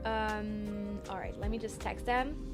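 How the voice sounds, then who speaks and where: A woman's voice: medium pitch, fairly even intonation, slow, music in the background. A young adult woman from France with a French accent, chatting casually on a live stream, reading chat aloud and laughing often.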